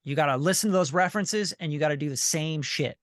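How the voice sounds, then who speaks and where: Blunt high-voiced man coaching bluntly. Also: fast talker, dry recording, studio quality. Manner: emphatic, profane, repetitive, says "you know what I'm saying". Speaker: sync licensing coach and group leader. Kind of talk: blunt coaching on a video call. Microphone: video call.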